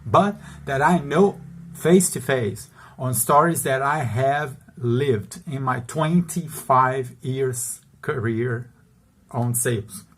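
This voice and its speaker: A man's voice: medium pitch, slow, a bit bright. A middle-aged man, an international salesman, telling stories in a casual, chatty monologue, often checking in with the listener and laughing between points.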